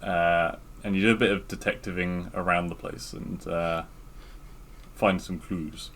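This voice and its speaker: A man's voice: deep voice, fairly even intonation, a little slow, a bit bright, slight background noise. A man co-hosting a casual podcast, talking loosely with lots of fillers and some teasing of his co-host.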